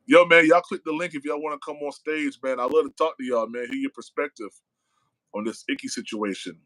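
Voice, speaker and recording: A man's voice: medium pitch, a little fast, fairly bright tone, dry recording, low-quality recording. A man hosting a casual live-stream podcast. He talks in a loose, slangy way, reads viewer comments aloud and tacks "man" onto his sentences. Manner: loose and conversational, reading chat aloud, slangy with frequent "man". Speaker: podcast host.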